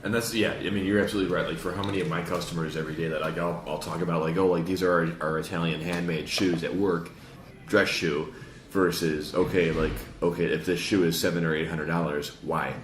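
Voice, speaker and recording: A man's voice: deep voice, fairly even intonation, fast, echoey room, a little hiss or hum. A man with a Chicago accent hosting a podcast in casual chat, rambling and joking with lots of fillers. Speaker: podcast host.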